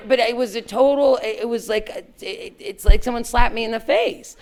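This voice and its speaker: A middle-aged woman, a former tech executive, telling a story to students in a frank, animated way, full of "like" and "right?". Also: a little high, fairly quick, hardly any pauses. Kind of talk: candid storytelling talk to students.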